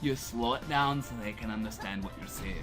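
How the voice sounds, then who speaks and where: A man's voice: medium pitch, fairly quick, over music. A man co-hosting a casual gameplay chat, telling a long, meandering story. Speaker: co-host.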